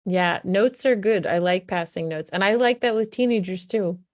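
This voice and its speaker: A woman's voice: medium pitch, moderate pace, no room sound, studio quality. A woman parenting coach giving casual, emphatic advice and acting out what a parent might say to a child. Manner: conversational and emphatic, acts out what a parent would say. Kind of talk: casual advice talk to camera.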